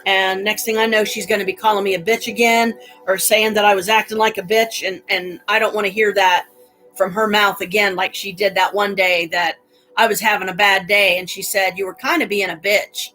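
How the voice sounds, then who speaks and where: Middle-aged woman, fed-up streamer, profane and ranting, average pitch, soft music under her. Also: level tone, normal speed, low-quality recording. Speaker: livestreamer. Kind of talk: casual venting livestream.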